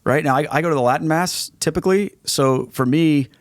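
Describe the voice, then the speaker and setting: A man's voice: on the high side, a little fast, dry recording, clean studio sound. A middle-aged man, a guest on a podcast, answering questions in an earnest, conversational way and often restarting his phrases. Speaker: guest, Catholic evangelist.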